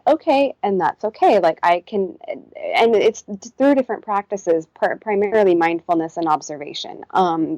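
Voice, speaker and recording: A woman therapist, a guest on a podcast, speaking in a gentle, reflective way and soothing when she models kind self-talk. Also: lowish voice, no echo, rough recording. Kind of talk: podcast interview.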